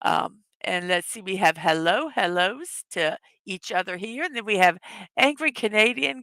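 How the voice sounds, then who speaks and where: A chatty woman hosts a casual livestream, her voice bright and a little high. She rambles and restarts, laughing often, and the sound is close and dry. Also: lively intonation, normal speed, vocal fry, no echo. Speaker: livestream host.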